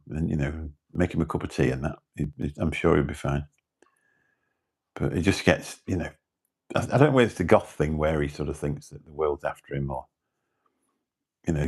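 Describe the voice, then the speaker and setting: A man's voice: low-pitched, vocal fry, a little mellow, husky. A British man hosting a livestream, chatting casually and rambling as he greets viewers in the chat. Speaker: livestream host.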